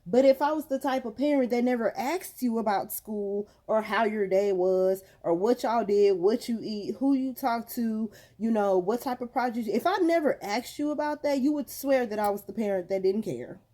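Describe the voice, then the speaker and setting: A woman's voice: fairly high pitch, normal speed, hardly any pauses. A woman ranting to her viewers in a casual vlog, telling a story animatedly, acting out what she said and calling the audience girl and y'all. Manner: animated storytelling, acts out quotes. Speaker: mom vlogger.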